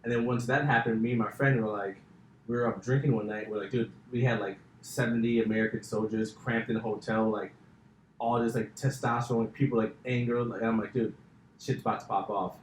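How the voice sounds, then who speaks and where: A man's voice: medium pitch, fairly even intonation, brisk, slight background noise. Chatty podcast host man, echoey room. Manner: storytelling, filler-heavy, says like a lot. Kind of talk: casual podcast chat. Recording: roomy echo.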